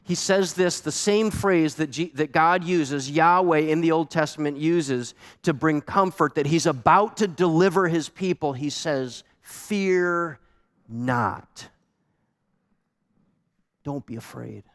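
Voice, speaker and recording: A male pastor preaching a sermon, earnest and animated, repeating words for emphasis. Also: a little high, unhurried, few pauses, big-room sound. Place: church sanctuary.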